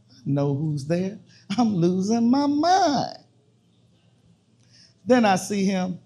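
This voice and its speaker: A man performing a spoken word poem at an open mic in a bar, slow and deliberate with heavy pauses and a repeated refrain. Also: high-pitched, a little mellow.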